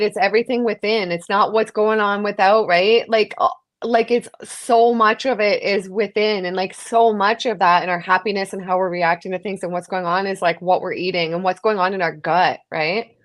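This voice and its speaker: A woman guest speaking over a video call with AirPods, earnest and relaxed, leaning on fillers like "like" and "right?". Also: mid-range voice, normal speed. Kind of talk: casual video-call interview.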